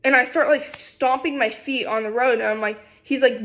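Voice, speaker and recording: A young woman in her twenties, a vlogger, telling a personal story in a casual, animated, dramatic way. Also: fairly high pitch, a little fast, hardly any pauses. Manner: animated, dramatic retelling with acted quotes.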